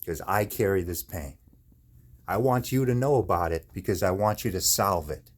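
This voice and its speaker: In his own video, a man in chronic pain delivers an angry, profane, repetitive rant. His voice sits low and he speaks at normal speed.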